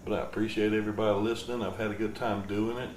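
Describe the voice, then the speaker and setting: A podcast host rambles through a laid-back, jokey comedic monologue, racing along in a low, level voice. The recording has a roomy echo and faint background noise.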